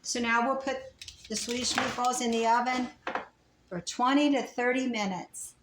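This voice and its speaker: A woman's voice: a little high, fairly even intonation, normal speed, echoey room, loud music behind the voice, poor audio. A woman home cook casually talking through a recipe in her kitchen, chatty and thinking aloud as she works. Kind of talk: casual cooking demonstration.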